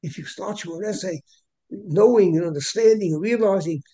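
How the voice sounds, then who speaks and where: A man teaching a Torah class who often repeats his words and clears his throat between phrases. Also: high-pitched, moderate pace, mellow, rough recording.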